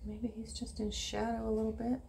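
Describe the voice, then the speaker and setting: A woman giving a casual watercolor painting tutorial, chatting and thinking aloud, and often dropping into soft murmurs as she paints. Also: on the high side, completely flat delivery, fairly quick, gravelly, a little hiss or hum. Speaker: watercolor instructor.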